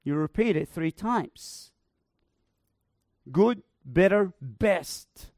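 A male preacher delivers a sermon in a high, unhurried voice. He builds to emphatic proclamations and lingers on repeated words. The sound is dry and close. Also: animated, darkish tone, no room sound. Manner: emphatic, rising to proclaim with slow repeated phrases.

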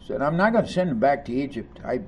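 A man preaching a sermon, reading scripture aloud and commenting on it, rising to loud emphasis on key lines. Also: medium pitch, animated, fast, highs cut off, a little hiss or hum. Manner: reads scripture aloud and comments between passages.

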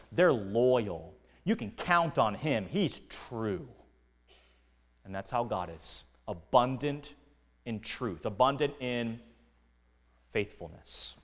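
A man preaching a sermon as pastor, earnest and deliberate, dropping to quiet lines and rising to emphatic ones. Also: mid-range voice, big-room sound. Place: church sanctuary.

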